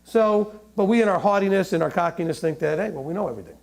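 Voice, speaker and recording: A man giving a sermon, reading scripture slowly and breaking into jokes and mock voices. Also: high voice, creaky. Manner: animated, joking, reads scripture aloud slowly. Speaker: teacher.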